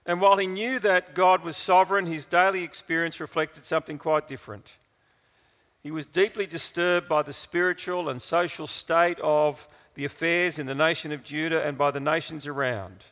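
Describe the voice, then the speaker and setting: A man's voice: on the high side, fairly even intonation, normal speed, fairly bright tone, in a large hall. A man preaching a sermon, praying and building to impassioned cries.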